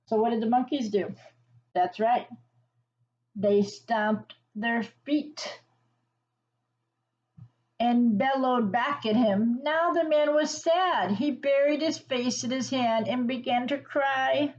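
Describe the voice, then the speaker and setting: A woman reading a picture book aloud to children, pausing to ask them questions and explain words. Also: high-pitched, muffled recording. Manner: gentle teacherly asides and questions to the listener. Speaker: children's story reader.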